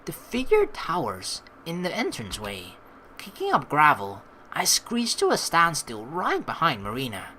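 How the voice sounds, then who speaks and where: Animated woman reading a game aloud. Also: sits low, a little slow, slight background noise, rough recording. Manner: animated, sarcastic, swearing asides. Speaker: let's play host. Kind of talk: reading a visual novel aloud with commentary.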